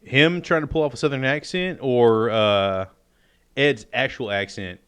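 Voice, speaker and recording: Regular-pitched guy cohosting a sports pod, blunt takes, trips over words. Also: unhurried, a bit bright, smooth. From American South. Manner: blunt, opinionated, stumbles on restarts. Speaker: podcast co-host. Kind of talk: casual sports chat.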